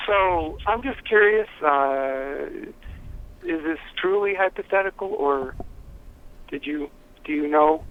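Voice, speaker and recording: A man's voice: on the high side, vocal fry, phone-quality sound. Hesitant male caller on a voicemail. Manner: hesitant, many fillers. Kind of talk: voicemail message. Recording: noisy phone voicemail.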